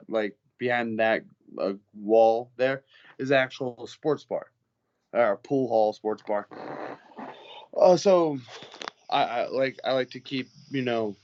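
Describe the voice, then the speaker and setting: A man's voice: mid-range voice, highs cut off. A man, a heavyweight fighter, telling casual stories in an interview, swearing freely and acting out the people he quotes. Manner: animated storyteller, profane, acts out the people he quotes.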